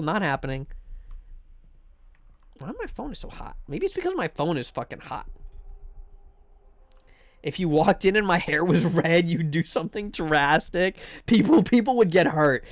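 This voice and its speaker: A man's voice: fairly high pitch, no echo. A man live-streaming a game, joking, swearing and rambling while reacting to his chat. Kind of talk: casual live-stream commentary while gaming.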